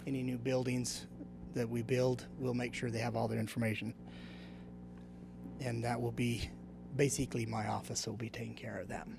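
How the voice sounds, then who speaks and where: A man's voice: medium pitch, flat delivery, moderate pace, gravelly, pauses often, background noise. A man, the county clerk-auditor, presenting items at a public meeting in a plain, matter-of-fact way.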